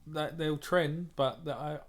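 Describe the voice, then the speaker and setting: A man's voice: on the high side, steady tone, a little slow. A man, a trader and moderator, talking bluntly in a casual group discussion, often repeating words as he thinks.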